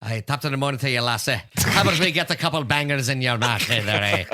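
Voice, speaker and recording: A man's voice: mid-range voice, fast talker, sharp tone, close to an everyday voice. A man doing a crude, jokey Irish man in a put-on sing-song brogue. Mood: leering. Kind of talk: comic impression.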